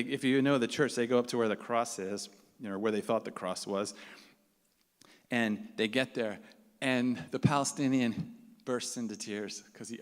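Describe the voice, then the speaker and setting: A man preaching a sermon by telling a story, animated and swinging from loud emphasis to hushed asides. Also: fairly low pitch, creaky. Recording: long hall reverb.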